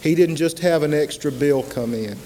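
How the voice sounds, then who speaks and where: A man preaching a sermon, slow and emphatic, with dramatic pauses and repetition. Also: on the high side, dark tone. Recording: long hall reverb, faint hiss.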